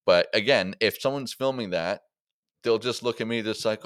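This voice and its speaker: A young man speaks in a lowish, smooth, resonant voice. He tells a rambling story in casual podcast chat, leaning on fillers, and the sound is dry and close to the mic. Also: normal speed, a bit bright, no echo. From Canada. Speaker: guest comedian.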